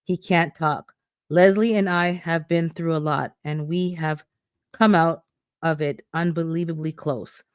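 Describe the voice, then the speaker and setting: A channel host reading a memoir aloud for an online book club, unhurried, with an occasional slip and self-correction. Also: mid-range voice, fairly even intonation, smooth, dry recording, clean studio sound.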